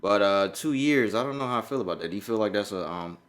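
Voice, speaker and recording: A deep-voiced American man, low in pitch for a man, co-hosting a laid-back podcast. He rambles easily through the news with plenty of ums and uhs, in an unhurried, conversational way. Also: animated. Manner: loose, rambling delivery with many fillers. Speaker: podcast co-host. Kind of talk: casual podcast chat.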